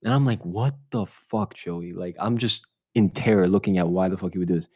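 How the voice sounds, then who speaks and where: A young man hosting a podcast, telling an animated story in casual chat, swearing often and laughing as he talks. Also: sits low, fast talker. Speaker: podcast host.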